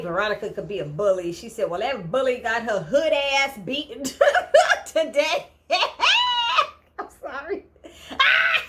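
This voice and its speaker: A woman recapping a TV episode in casual chat, animated and retelling the dialogue. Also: mid-range voice.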